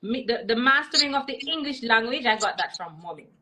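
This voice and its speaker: A woman's voice: fairly high pitch, lively intonation, fairly quick, sharp tone, rough recording. A Jamaican woman, a comedian, telling stories in a casual interview over a video call, switching between patois and English. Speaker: comedian guest.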